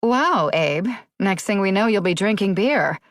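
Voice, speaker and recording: A woman's voice: mid-range voice, animated, unhurried, no room sound, studio quality, close to an everyday voice. A woman narrator voicing a shrewd, teasing young woman who works at a police front desk.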